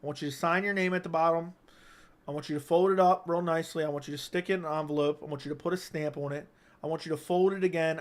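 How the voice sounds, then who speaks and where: A man hosting a livestream, reading chat and teasing viewers with crude jokes. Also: on the high side. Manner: crude, joking, teasing chatters. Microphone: studio dynamic mic.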